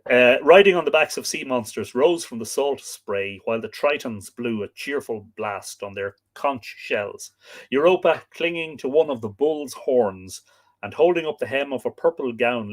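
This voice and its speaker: A man hosting a live stream, reading old myths aloud, chatting with viewers and stopping to work out pronunciations. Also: mid-range voice.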